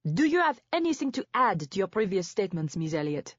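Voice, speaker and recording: A woman's voice: mid-range voice, sing-song, brisk, dry recording. A woman voicing a stern male presiding judge who talks in a clipped, formal, impatient way, recorded dull and dry.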